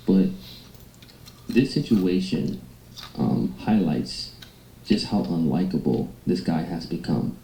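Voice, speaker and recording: A man's voice: deep voice, animated, slow, creaky, pauses often, mellow, echoey room, slight background noise, poor audio. A man giving blunt, mocking commentary on clips from a livestream. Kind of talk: reaction commentary on stream clips.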